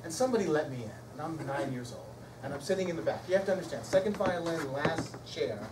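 A middle-aged man, a musician and guest speaker, tells a personal story in a lively lecture, swinging between loud excitement and hushed emotion. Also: a little high, fast. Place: lecture hall. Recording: echoey hall from far off, noisy.

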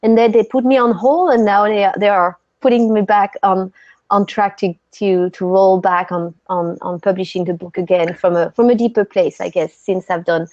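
A woman's voice: medium pitch, fairly even intonation, normal speed, darkish tone, dry recording, muffled recording. A woman with a French accent, a guest being interviewed about breathwork, talking earnestly and often restarting her sentences. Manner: earnest, gropes for words with many restarts. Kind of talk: interview conversation.

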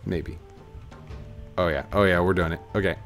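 A man with the sniffles giving casual let's-play commentary at home. He is excitable and bursts into laughter and high yelps. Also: normal speed, soft background music. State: sniffly, stuffy nose. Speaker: gaming YouTuber.

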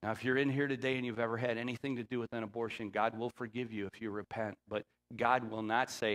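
A man's voice: level tone, fast talker, hardly any pauses. Emphatic middle-aged male pastor preaching. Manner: emphatic preaching with rising, loud peaks; drops to a low, quiet voice when quoting the Spirit. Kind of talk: sermon.

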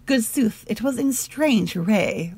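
A woman's voice: on the high side, expressive, unhurried, a little mellow, husky, no echo, heavily acted. A woman reading an earnest young squire. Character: young male squire, eager to report.

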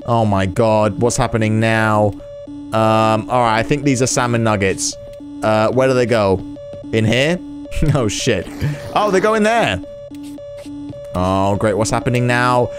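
A man's voice: fairly low pitch, lively intonation, unhurried, pauses often, music in the background. A man giving casual gameplay commentary with exaggerated reactions, sarcasm and swearing. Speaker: gaming channel host.

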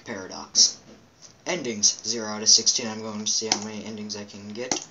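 A man's voice: fairly low pitch, fairly even intonation, a little fast, background noise. A man hosting a let's play, reading game captions aloud with goofy asides and playful quack and meow noises. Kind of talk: casual game commentary.

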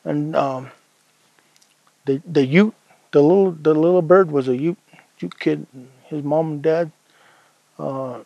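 A man from the Ute Mountain Reservation in Colorado tells a traditional story aloud, unhurried and conversational, often doubling back on his words. His voice is gravelly and sits a bit high for a man. The sound is close and dry. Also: a little mellow, no room sound, muffled recording. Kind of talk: oral telling of a traditional story.

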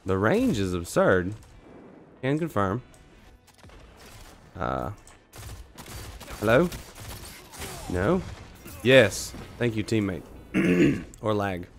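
A man's voice: fairly low pitch, big pitch swings, very slow, gravelly, long pauses, soft background music. A man with a cold, coughing now and then while casually commenting on his live gameplay and chatting to teammates and viewers. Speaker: gaming streamer.

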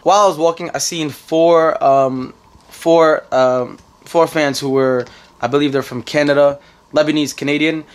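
A man's voice: on the high side, fairly even intonation, moderate pace, smooth. A young man in his twenties with a New York accent, telling a rambling story to camera in a casual vlog, repeating himself and laughing often. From United States. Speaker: vlogger.

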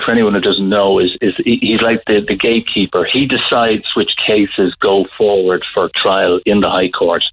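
A middle-aged Irish man telling a story in a radio interview, halting, with many restarts. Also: lowish voice, slightly rough. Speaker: guest author. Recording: phone-line audio.

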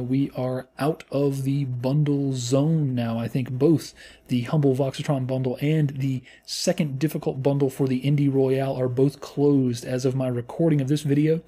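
A man gives casual, playful commentary while he plays a game, like the host of a gaming channel. His voice is mellow and warm, and it jumps into high squeals at the exciting moments. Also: husky. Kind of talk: casual let's-play commentary.

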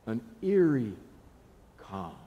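A male pastor giving a sermon, telling the story dramatically with hushed pauses. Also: medium pitch, big pitch swings, highs cut off. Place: church sanctuary. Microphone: live broadcast mic. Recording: long church reverb.

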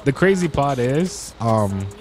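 A young man telling stories in a casual, slangy way while commenting on his gameplay, getting excited as he talks. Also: mid-range voice, takes it slowly, soft background music. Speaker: gaming YouTuber.

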